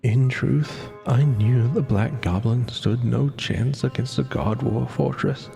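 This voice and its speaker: A worn-out spectral echo of a dead sailor in a game, speaking in a tired, withered voice, as a man puts it on. The words crawl out slowly, rough with fry and grit over a middling pitch. A faint bed of music sits underneath. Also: warm tone. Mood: weary. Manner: slow, heavy storybook reading with low sinking tones. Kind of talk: reading game dialogue aloud.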